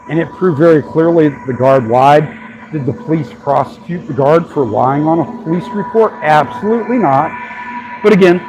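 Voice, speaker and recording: A man with a slightly higher voice speaks into a handheld phone on a city sidewalk, ranting in an irritated, profane way. His talk is casual and aimed at a livestream audience. Faint street ambience sits under the voice. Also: noisy background. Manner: irritated, ranting, swears freely.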